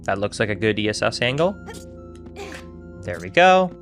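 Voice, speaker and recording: A young man streaming a live playthrough, chatting excitedly and reacting aloud to the game and his chat. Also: on the low side, normal speed, over music. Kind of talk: live gameplay commentary.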